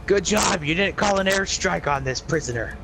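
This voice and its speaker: Teasing gamer man with a gravelly voice. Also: high-pitched, lively intonation, normal speed, music in the background. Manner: teasing, dry. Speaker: gamer co-commentating. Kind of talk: casual gameplay chat.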